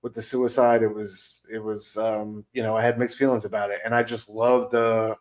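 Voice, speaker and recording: A man's voice: fairly low pitch, level tone, normal speed, low-quality recording. A man co-hosting a casual film podcast, rambling enthusiastically with many fillers. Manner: rambling, heavy on fillers like "like" and "you know". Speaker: podcast co-host.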